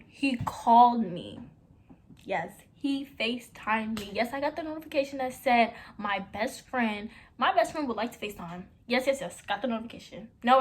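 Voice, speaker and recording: A young woman vlogger telling a casual story. She acts out both sides of old conversations, with dramatic gasps and whispered asides. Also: fairly high pitch.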